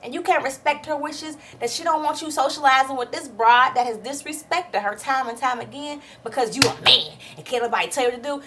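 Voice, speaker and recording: A woman's voice: sits high, brisk, hardly any pauses, pushed and bright, a little hiss or hum. A young woman doing a fired-up, sassy recap of a reality show, swearing freely. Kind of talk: casual ranting recap.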